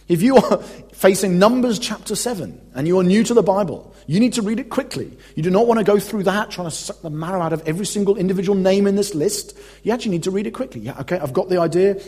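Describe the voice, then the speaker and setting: A man's voice: high voice, a little mellow, slightly rough. A man preaching a conversational, emphatic teaching sermon as a pastor. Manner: conversational, emphatic, reads quotes aloud.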